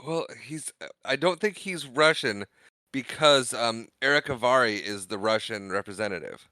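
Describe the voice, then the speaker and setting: A man with a bright, forceful voice, fairly low in pitch, co-hosts a movie podcast. He recaps scenes in an animated, joking way, and his speech sounds smooth and crisp. The recording is dry and close. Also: normal speed, no echo. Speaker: podcast co-host. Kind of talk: casual movie recap chat.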